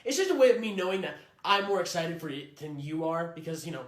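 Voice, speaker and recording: A man playing a condescending, sexist male gamer customer who talks low and dismissively. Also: animated, fast, reverberant, close to an everyday voice. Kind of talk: comedy skit.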